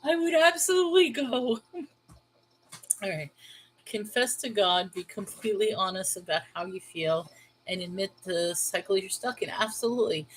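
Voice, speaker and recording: A middle-aged woman hosting a casual livestream, chatting with viewers, laughing often, and slowing down to give earnest spiritual advice. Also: on the low side, fairly bright tone, poor audio. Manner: earnest and slow when giving spiritual advice. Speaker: host of a Bible livestream.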